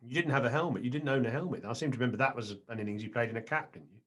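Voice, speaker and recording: A man's voice: medium pitch, racing. A man hosting an interview over a video call, prompting the guest with short questions. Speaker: interview host. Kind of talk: casual interview.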